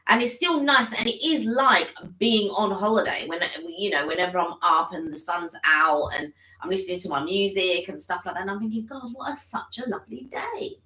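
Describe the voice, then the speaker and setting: A woman's voice: lowish voice, fairly quick, hardly any pauses, bright, forceful tone. A woman co-hosting a casual live stream, chatting at length and filling her talk with "like" and "sort of". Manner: chatty, rambling, full of "like" and "sort of". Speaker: co-host. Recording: roomy echoey room.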